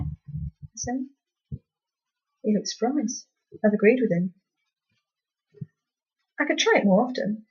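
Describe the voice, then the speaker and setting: A woman's voice: fairly high pitch, animated, takes it slowly, pauses often, a little mellow, muffled recording. A woman reading her own novel aloud in first-person storybook narration, with a dry, wry tone.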